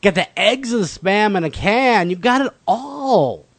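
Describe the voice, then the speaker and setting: Man, podcast co-host, casual joking banter, slightly high voice, very animated. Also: creaky, a loud crowd. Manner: joking, drawn-out storytelling. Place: in Minnesota.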